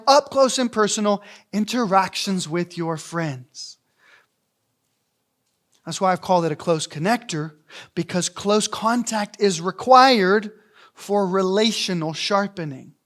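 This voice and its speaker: A man's voice: high-pitched, a bit bright. A man preaching a sermon as a pastor in a church, emphatic, repeating key phrases for weight. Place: church sanctuary.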